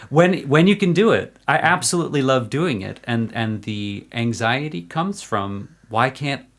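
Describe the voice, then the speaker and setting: A man's voice: mid-range voice, animated, unhurried, a bit bright. An American man, a guest actor, talking earnestly in a casual interview and often restarting his sentences. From United States.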